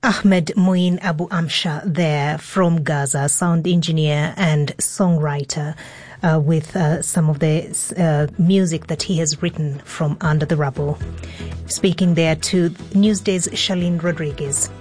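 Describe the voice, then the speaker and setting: Low-voiced woman presenting radio news. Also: steady tone, darkish tone, breathy edge, faint music behind. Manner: measured, formal delivery. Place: radio studio in Nairobi.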